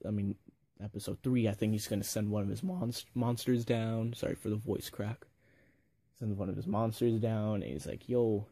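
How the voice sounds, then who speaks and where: A young man rambling enthusiastically through a casual fan review, piling up fillers as he goes. His voice is low, dark and gravelly, with a husky edge. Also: dry recording. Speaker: video reviewer.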